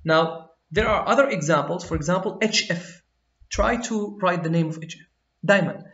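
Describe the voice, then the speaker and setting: A man with a high voice teaches chemistry, walking through each step and pausing to ask "okay?". He moves back and forth between English and Arabic as he explains. The sound is roomy and a little dull. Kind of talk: classroom lesson mixing English and Arabic.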